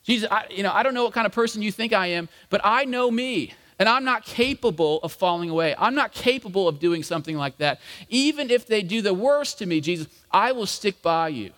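A man's voice: high voice, lively intonation, fairly quick, hardly any pauses, fairly bright tone, voice pushed up. A man voicing a brash, self-assured male disciple who insists on his own loyalty. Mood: boastful. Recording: long hall reverb.

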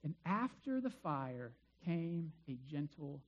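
Speaking slowly with big swings in pitch around a medium register, a preacher chats through his sermon, tossing rhetorical questions at the crowd and joking playfully. The audio sounds muffled.

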